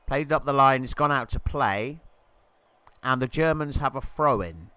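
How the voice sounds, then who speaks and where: A man doing jokey football-style commentary over a video game match, rising to shouts at near misses and goals. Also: mid-range voice, a little slow, smooth, no room sound.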